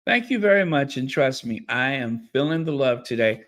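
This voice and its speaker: A man hosting a live stream, slowly reading member messages and thanking them, and he gets openly emotional and effusive. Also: medium pitch, lively intonation. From United States.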